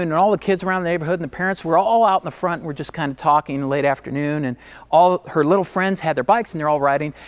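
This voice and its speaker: A middle-aged man giving a motivational keynote, telling a story emphatically and dropping to a hush at times. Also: fairly high pitch. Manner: emphatic, swings from driving to hushed.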